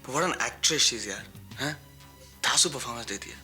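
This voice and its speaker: A man's voice: mid-range voice, animated, racing, bright, forceful tone, soft background music. An actor playing a boastful, flirtatious male film star with an Indian accent, breezily mixing Hindi into his English. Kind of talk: 1990s TV drama acting.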